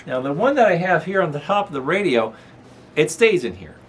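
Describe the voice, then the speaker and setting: A man's voice: on the high side, sing-song, fairly quick, slight background noise. A middle-aged man hosting a casual vlog, rambling and chuckling as he chats from his apartment. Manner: rambling, chuckling, talks baby-talk to his dog. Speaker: channel host. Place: apartment room.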